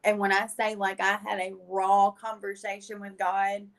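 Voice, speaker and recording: A woman's voice: mid-range voice, completely flat delivery, moderate pace. A woman, a guest in an interview, telling her personal testimony in a blunt, slangy and emotional way.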